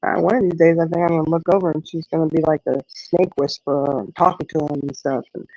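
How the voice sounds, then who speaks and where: A middle-aged woman, chatting casually and telling a lively story, acting out the voices in it. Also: low voice, normal speed, pauses often, dry recording, dull audio. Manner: animated storyteller, acts out quotes. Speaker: host. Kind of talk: casual chat.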